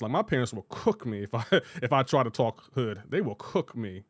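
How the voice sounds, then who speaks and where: A man's voice: medium pitch, big pitch swings, normal speed, hardly any pauses, no room sound, clean studio sound. A man from Delaware streaming a game, chatting casually, rambling and restarting his sentences as he answers chat. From Delaware, USA.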